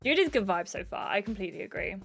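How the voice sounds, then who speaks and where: A woman's voice: mid-range voice, big pitch swings, quick pace, fairly bright tone, husky, faint music behind. A woman live-streaming a dating game, chatting to viewers and reading the game text aloud. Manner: chatty, reacts and asks viewers questions. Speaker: gaming streamer.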